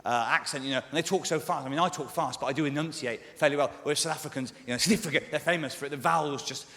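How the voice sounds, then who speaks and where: Fast-talking man doing stand-up in a hall. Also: fairly high pitch, fairly bright tone. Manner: rambling, hedging with lots of ums and sort ofs. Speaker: stand-up comedian. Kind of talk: live stand-up comedy. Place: large live venue on stage. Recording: echoey hall from the stage.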